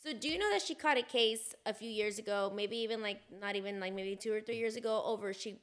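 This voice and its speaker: A woman co-hosting a podcast in casual chat, telling gossip in an animated way, full of "like" fillers. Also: medium pitch, fast talker. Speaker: podcast co-host.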